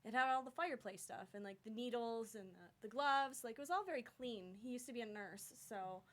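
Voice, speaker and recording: A woman's voice: on the high side, brisk, a bit bright. A woman guest speaking frankly and matter-of-factly in a casual talk show chat.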